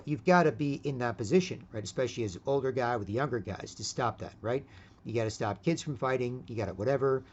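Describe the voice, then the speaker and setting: A man's voice: medium pitch, quick pace, a little mellow. Middle-aged guy rambling on his own channel, swears a lot, keeps saying right, muffled lo-fi audio. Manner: rambling, ends phrases with "right?"; profane and blunt. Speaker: video host. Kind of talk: casual rambling monologue. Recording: dull lo-fi recording.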